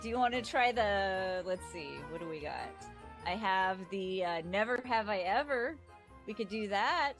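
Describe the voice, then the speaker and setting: A woman's voice: medium pitch, expressive, normal speed, music in the background. A woman co-hosting a livestream, chatting casually and explaining a party game in a plain, agreeable way. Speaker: co-host. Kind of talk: casual chat.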